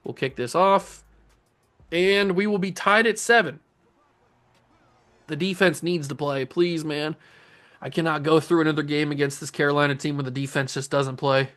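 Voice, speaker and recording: A young man casually commentating his own video game play as a channel host, excitable and jokey, talking to the players on screen. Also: fairly high pitch, moderate pace, pauses often. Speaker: gaming YouTuber host.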